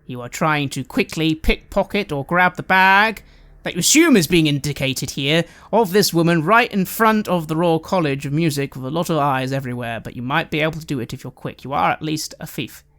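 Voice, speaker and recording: A game master narrating a tabletop roleplaying game and giving the players direction briskly. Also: female voice, low-pitched, fairly bright tone.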